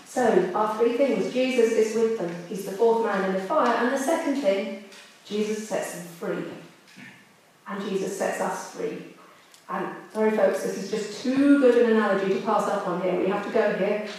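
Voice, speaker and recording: A woman's voice: mid-range voice, normal speed, darkish tone, a little hiss or hum. A woman preaching a sermon in a candid, conversational way. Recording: echoey room, distant mic.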